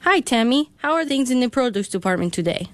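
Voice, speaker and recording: A woman voicing a chirpy female shopper in an old recorded comedy bit, high and sing-song. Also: lively intonation, brisk, dry recording, lightly acted.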